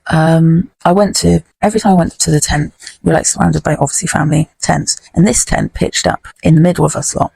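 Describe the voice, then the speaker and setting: A woman's voice: low voice, fairly even intonation, fairly quick, vocal fry, dark tone, husky. A woman hosting a podcast, telling a story in a blunt, sweary, rambling way. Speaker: podcast host. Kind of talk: casual podcast chat.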